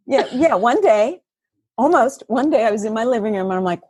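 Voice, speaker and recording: A woman therapist talks as a podcast guest, her voice a little husky and swinging widely in pitch. She tells stories with lots of laughter. The sound is close and dry. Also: fairly quick, dry recording. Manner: animated, laughs often. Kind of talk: conversational storytelling.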